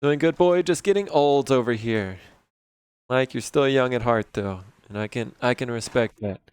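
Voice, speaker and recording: A man in his thirties chatting casually on a live stream, relaxed and rambling as he talks with viewers while working. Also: mid-range voice, moderate pace, clear, resonant tone, no echo. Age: 30s.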